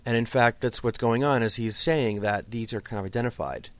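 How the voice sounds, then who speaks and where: A man teaching a lesson on Old English poetry, explaining patiently and slowing right down to recite the verse. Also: medium pitch, no room sound. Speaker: literature teacher.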